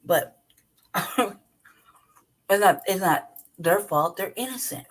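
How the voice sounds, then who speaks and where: Hosting her own channel, this woman rants bluntly and with plenty of profanity in a commentary monologue, breaking into laughter between points. Her medium-pitched voice is animated but slow. She addresses the listener directly, tossing out "right?" again and again.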